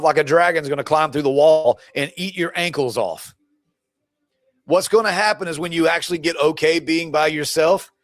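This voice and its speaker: A man's voice: a little high, no room sound. Fired-up blunt man coaching. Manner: blunt, preachy and fired up, teasing the audience. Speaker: divorce and breakup coach. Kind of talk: live stream pep talk.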